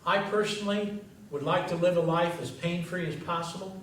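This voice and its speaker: High-voiced pastor in an echoey church. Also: male voice, a bit bright, recorded from a distance, slight background noise. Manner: storytelling with dramatic pauses and dropped endings. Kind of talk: sermon. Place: church sanctuary.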